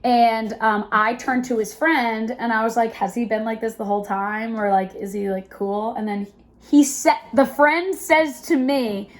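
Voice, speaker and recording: A young adult woman hosting a podcast, telling a personal story in a casual, animated way, with lots of fillers and laughter. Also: on the high side. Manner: animated, chatty, quick to laugh, many fillers. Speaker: podcast host.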